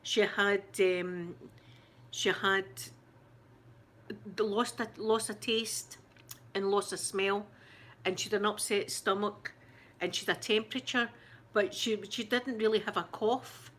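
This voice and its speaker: A Scottish woman chatting casually with her viewers, her voice shaken and close to tears. She talks haltingly, full of restarts and fillers, at a middling pitch for a woman. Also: fairly even intonation, a bit bright. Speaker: ASMR channel host. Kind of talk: casual live chat.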